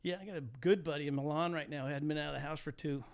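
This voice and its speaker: A gravelly, slightly high voice belongs to a man in his sixties from the United States. He is a guest on a chat show, telling stories in a lively way and laughing often. His talk is loose and friendly. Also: rapid-fire. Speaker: guest, former high school teacher. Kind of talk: casual storytelling chat.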